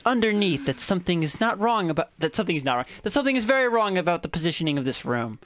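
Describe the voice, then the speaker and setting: A game master narrating a tabletop game and calling for rolls, with drawn-out, descriptive narration. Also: mid-range voice, big pitch swings, fairly bright tone, dry recording, studio quality.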